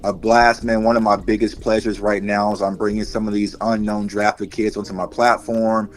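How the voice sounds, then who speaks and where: Male co-host, low-pitched, calm reflective chat full of fillers. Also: normal speed. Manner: steady, reflective, filler-heavy. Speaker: podcast co-host. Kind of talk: casual chat.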